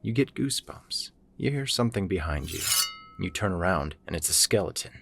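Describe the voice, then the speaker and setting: A man reads a short horror story aloud, telling it in a plain second-person voice. His pitch sits very low. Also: expressive, a little fast, gravelly, noisy background. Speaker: narrator.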